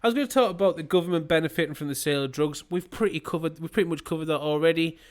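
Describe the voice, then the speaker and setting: A young man co-hosting a casual podcast, his voice pitched a touch high. He tells rambling, sweary anecdotes and keeps breaking into laughter. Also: very fast. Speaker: podcast co-host. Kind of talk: casual chat.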